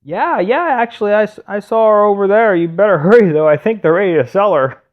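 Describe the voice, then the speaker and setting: A man doing a high, eager street informant. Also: close to an everyday voice. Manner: rushed, laughing. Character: male informant in a bad part of town, eager. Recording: dull lo-fi recording.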